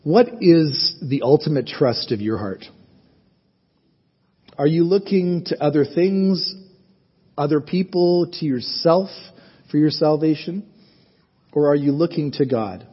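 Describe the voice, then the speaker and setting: A man's voice: fairly high pitch, slow pace, long pauses, slightly rough. A man preaching a sermon in an earnest, conversational way, asking his listeners questions as he goes. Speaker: pastor. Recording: muffled sound with long reverb in a hall.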